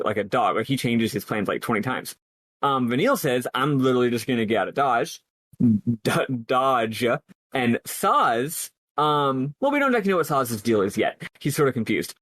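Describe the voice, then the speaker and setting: A man's voice: mid-range voice, fairly bright tone, no echo. A man co-hosting a podcast, talking through his ideas in a rambling way, with many fillers and restarts. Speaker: podcast co-host. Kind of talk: casual discussion.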